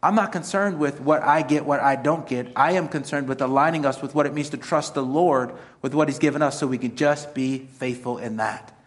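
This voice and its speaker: A man's voice: medium pitch, a little fast, hardly any pauses. A middle-aged man preaching a conversational sermon as a pastor, mixing self-mocking humor with earnest exhortation. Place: church sanctuary.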